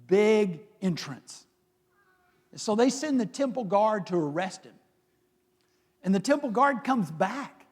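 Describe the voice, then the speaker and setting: High-voiced preacher in a reverberant hall. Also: male voice, expressive, slow, pauses often, slightly rough. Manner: conversational storytelling, dramatic retelling. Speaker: pastor. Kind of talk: sermon. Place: church sanctuary.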